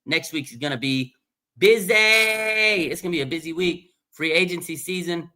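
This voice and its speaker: A man hosting a casual fan livestream, reading viewer comments and chatting in a relaxed, thinking-aloud way. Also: fairly high pitch, normal speed. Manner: laid-back, thinking aloud with fillers. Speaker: livestream host.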